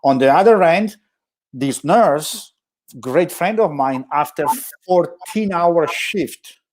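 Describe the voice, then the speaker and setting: A man with an Italian accent, a guest telling animated stories in a conversational interview, often restarting his sentences. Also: on the high side, slow pace, noisy background. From Italy. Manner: animated storytelling with frequent restarts. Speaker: guest storyteller.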